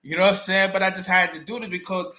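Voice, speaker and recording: A man's voice: high voice, flat delivery, fast talker, sharp tone. A middle-aged man with a New York accent giving an emphatic, unscripted commentary monologue full of street slang. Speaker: channel host.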